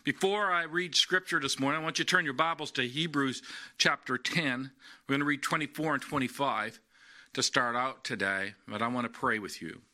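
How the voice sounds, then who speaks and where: A man's voice: medium pitch, steady tone, moderate pace, pushed and bright. A male pastor preaching a sermon to an online congregation, telling a story in an earnest, heartfelt way.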